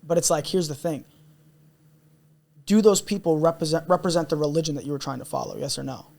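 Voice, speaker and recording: Fairly quick and a little high-pitched, this young podcast guest's voice has vocal fry and a darkish tone. He recounts a personal story with candid intensity and earnestness, repeating himself along the way.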